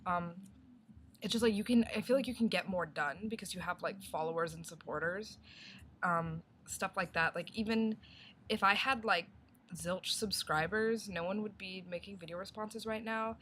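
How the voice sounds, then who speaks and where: A woman's voice: mid-range voice, moderate pace, fairly bright tone, slight background noise. A young woman vlogging a casual video response, rambling and thinking aloud with many "like"s.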